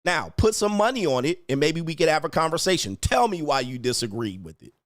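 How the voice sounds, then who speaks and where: A man's voice: fairly high pitch, sing-song, brisk, fairly bright tone, no room sound, studio quality. A man hosting a livestream, ranting at commenters in a brash, profane, taunting way and laughing at them. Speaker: livestream host reading chat.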